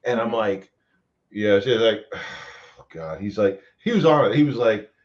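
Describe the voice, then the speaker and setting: A man's voice: fairly low pitch, measured pace, muffled recording. A man chatting casually as host, telling a story animatedly and swearing freely. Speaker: paranormal investigator host. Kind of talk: casual chat.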